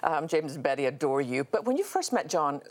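A woman's voice: low voice, sing-song, fairly quick. A woman hosting a talk show, interviewing her guest with affirming interjections.

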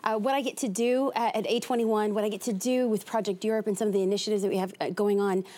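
A young woman from East Los Angeles, a guest on a TV talk show, talking fast and with animation about her life. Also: medium pitch, steady tone, mellow. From East Los Angeles, USA.

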